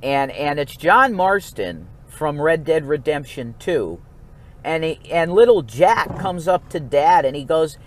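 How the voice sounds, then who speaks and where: A man vlogging in a rambling, profane monologue, swinging between low mumbles and sudden outbursts. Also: sing-song, measured pace, a little hiss or hum.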